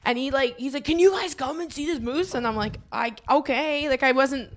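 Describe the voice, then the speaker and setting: A young woman with a slightly high voice co-hosts a casual comedy podcast. She tells stories in an animated way and breaks into laughter often. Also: a little fast. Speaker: podcast co-host.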